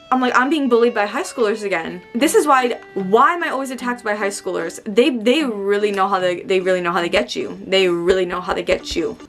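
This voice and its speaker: A young woman vlogs a casual, ranting monologue, sounding animated and exasperated and repeating herself for emphasis. Her voice is mid-range.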